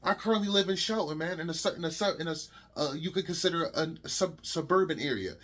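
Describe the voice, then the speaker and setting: High-voiced man on a heated rant. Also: fast, fairly bright tone. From Connecticut, US. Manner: heated and preachy, frequent restarts and repeated "man". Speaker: vlogger. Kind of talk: opinion rant to camera.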